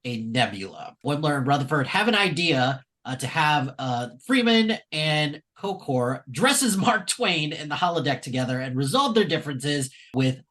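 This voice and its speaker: A man co-hosting a podcast, recapping an episode in casual, animated chat with frequent fillers and laughs. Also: fairly high pitch, moderate pace, few pauses. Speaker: podcast co-host.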